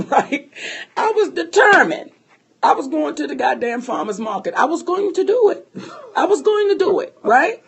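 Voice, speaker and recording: A woman co-hosting a podcast, telling a personal story in an animated, profane way and laughing often. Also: a little high, vocal fry, breathy edge. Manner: speaks to listeners as sisters. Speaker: podcast co-host.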